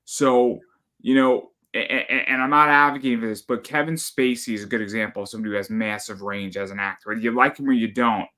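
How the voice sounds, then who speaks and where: A man's voice: medium pitch, steady tone, quick pace, pushed and bright. A man who is a guest in a casual chat, arguing his point earnestly and stumbling over the first words of his sentences. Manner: earnest, argues a point, stutters on starts. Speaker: podcast guest.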